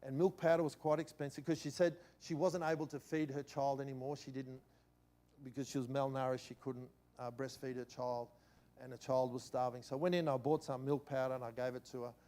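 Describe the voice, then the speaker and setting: A middle-aged man, a pastor telling a personal story in a sermon, animated and shifting between loud and quiet. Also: mid-range voice, brisk. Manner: animated anecdote-telling with swings in loudness.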